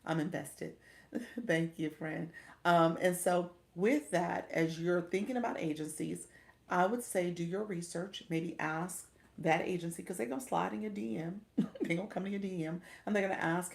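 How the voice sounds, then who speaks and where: A woman's voice: lowish voice, moderate pace, gravelly. A middle-aged woman, chatting casually on a livestream as a coach and often laughing with viewers. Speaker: live coach.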